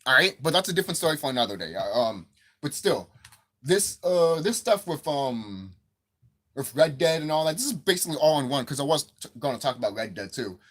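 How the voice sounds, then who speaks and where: Fairly quick and very animated, the gaming commentator speaks in a somewhat high, slightly bright voice. His angry rant over game prices is laced with profanity, and he repeats himself while he gets more and more worked up.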